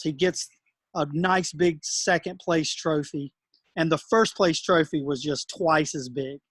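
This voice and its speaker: A middle-aged man, a tennis coach and host, telling a personal story in a relaxed, earnest way and acting out the dialogue. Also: fairly high pitch, no room sound.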